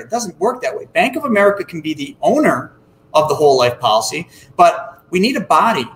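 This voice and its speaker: A man giving an explanatory talk about money to an audience, acting out little dialogues in an animated way. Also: high-pitched, a little fast, roomy sound, rough recording. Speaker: financial educator.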